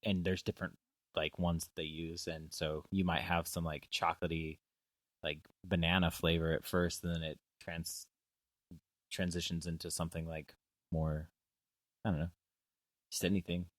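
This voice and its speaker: Deep-voiced man rambling in casual chat. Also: little pitch movement, normal speed, long pauses, no room sound. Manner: rambling, restarts his sentences. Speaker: podcast host. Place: small studio.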